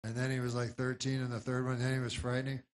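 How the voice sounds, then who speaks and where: A man performing a rambling stand-up set, halting and deadpan, with lots of restarts, in a live bootleg recording. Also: medium pitch, a little hiss or hum. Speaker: stand-up comedian.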